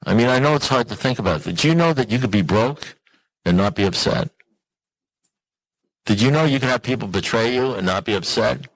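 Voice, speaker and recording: A man telling a humorous personal recovery story to an audience in an animated, self-mocking way, often turning to the listeners with questions. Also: fairly quick, no echo, low-quality recording. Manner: animated, self-mocking, with sudden jumps in pitch; conversational, asks the audience questions. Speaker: recovery meeting speaker.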